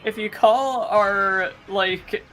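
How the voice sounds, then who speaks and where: A man's voice: high voice, very slow, bright, forceful tone, soft background music, rough recording. A young man co-hosting a casual podcast, rambling and laughing often. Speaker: podcast co-host. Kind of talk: casual chat.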